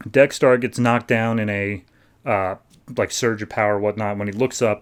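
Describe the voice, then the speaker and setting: A man hosting a podcast, recapping and reviewing comics in loose, chatty talk full of "like". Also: mid-range voice. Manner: loose, filler-heavy talk with frequent "like". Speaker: podcast host.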